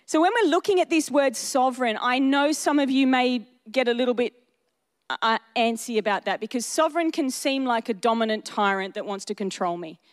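A woman's voice: fairly high pitch, brisk. A woman preaching a sermon in an earnest, emphatic, conversational way, often repeating her phrases for weight.

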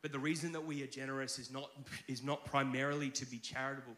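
A man preaching a sermon as pastor, telling stories in a conversational, animated way with many restarts. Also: medium pitch, fast, reverberant.

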